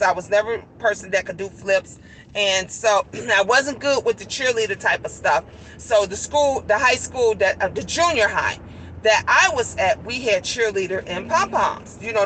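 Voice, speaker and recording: A woman's voice: on the high side, bright, forceful tone, slight background noise, rough recording. A middle-aged woman vlogging in casual chat from a car, telling stories in a rambling, emphatic way with many restarts.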